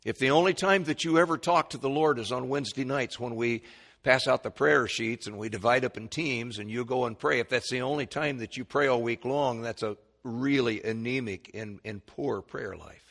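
A man preaching a Bible lesson, chatting at first, then climbing to loud, emphatic peaks when he quotes scripture, with stammered restarts. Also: mid-range voice, normal speed, vocal fry. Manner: conversational teaching with stammered restarts. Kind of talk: Bible teaching sermon.

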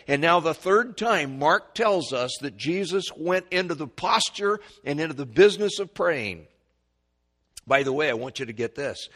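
A man teaching from the Bible in a sermon, his voice a little high. He talks in a conversational way with repeated restarts. When he quotes scripture he climbs to loud, emphatic peaks. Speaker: preacher.

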